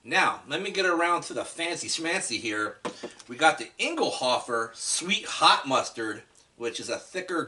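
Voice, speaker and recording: A man talks eagerly through a food tasting in a casual vlog, speaking straight to his audience. His voice is bright and forward, and he sits a little back from the microphone. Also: mid-range voice, expressive, normal speed, recorded from a distance, a little hiss or hum. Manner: enthusiastic, chatty, addresses viewers directly. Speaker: food reviewer.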